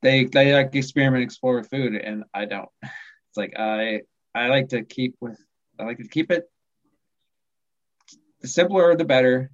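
A middle-pitched man in his forties from the USA chats as a podcast guest. He talks haltingly, restarting sentences and chuckling softly. The sound is a bit muffled and lo-fi, as over a remote call. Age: 40s. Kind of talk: casual conversation.

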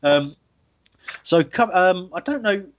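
A man's voice: high voice, lively intonation, takes it slowly, dull audio. A man hosting a casual football podcast, chatty and self-mocking, often laughing as he talks. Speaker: podcast host.

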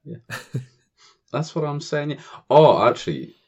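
A man's voice: fairly high pitch, very animated, takes it slowly, a little mellow, breathy edge. A British man, a podcast guest, telling rambling, chatty camp stories. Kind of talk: casual chat. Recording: dull lo-fi audio.

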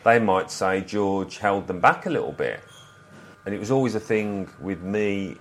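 A man, a former footballer, telling stories from his playing days in a relaxed, reflective interview. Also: sits low, normal speed. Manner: reflective, anecdotal, quotes others.

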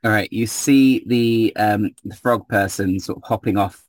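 A man narrating a tabletop game as game master, relaxed and hesitant, filling pauses with ums. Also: on the low side.

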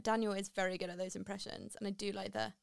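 A woman's voice: medium pitch, little pitch movement, fast talker, vocal fry, clean tone, no room sound, studio quality. A woman co-hosting a podcast in casual chat, giggly and enthusiastic. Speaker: podcast co-host.

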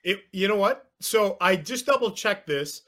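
Bright, high-voiced male guest. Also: expressive, moderate pace. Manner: thinks aloud, second-guesses himself. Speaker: guest, sports writer. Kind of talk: casual chat.

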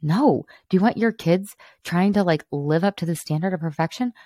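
A woman in her thirties talks straight to other mothers on her solo podcast, candid and encouraging, with a playful, self-teasing streak. Her voice sits low, and it is recorded dry and close with no room sound. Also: normal speed, dark tone, dry recording. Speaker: podcast host, mom coach.

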